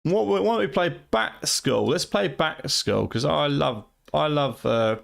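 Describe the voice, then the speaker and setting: Gravelly Fenland man rambling on a stream. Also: a little high, lively intonation, normal speed. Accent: Fenland English. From Fenland, England. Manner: rambling, swearing, loose and tipsy. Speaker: retro game streamer. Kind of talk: late-night live stream chat.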